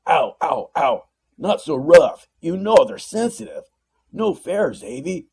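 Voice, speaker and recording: Brief: man doing a loud, gruff, teasing blue-skinned demon brute, storybook audiobook, lively pitch. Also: slow, full character voice. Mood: whining.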